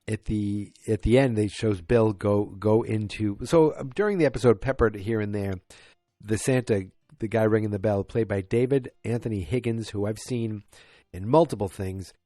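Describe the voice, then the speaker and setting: A man's voice: fairly low pitch, moderate pace, dark tone, dry recording, clean studio sound, faint music behind. A man hosting a podcast, casually recapping an episode in a tired, rambling way, full of fillers and restarts. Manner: acts out quoted lines in a raised voice. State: tired, yawning. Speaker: podcast host.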